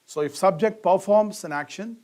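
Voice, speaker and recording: A middle-aged man from India with a high, somewhat mellow voice speaks at normal speed. He poses grammar questions to his class and answers them himself, hitting the key words hard.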